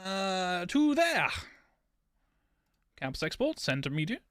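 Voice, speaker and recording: A streamer talks through their editing in a loose, self-directed mutter and swears offhandedly. The voice sits at a middling pitch, and the sound is dry with no room echo. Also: very animated, slow pace, fairly bright tone. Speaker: live streamer. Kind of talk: casual chat while editing videos.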